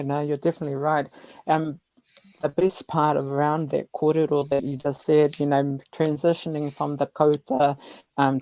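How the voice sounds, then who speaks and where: A man with a New Zealand accent hosting a casual chat, telling stories in an animated way. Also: on the high side, low-quality recording. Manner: animated storyteller who acts out elders' voices. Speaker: host.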